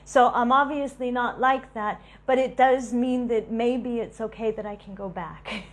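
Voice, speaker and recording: A woman giving a devotional talk, telling lively stories and laughing between them. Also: fairly high pitch, unhurried. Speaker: devotional speaker.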